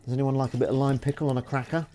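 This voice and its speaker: Racing along in a steady, warm, mid-range voice, a man hosts a casual livestream while washing dishes at his kitchen sink. He chats and reads viewer comments over slight background noise of running water and clinking cutlery.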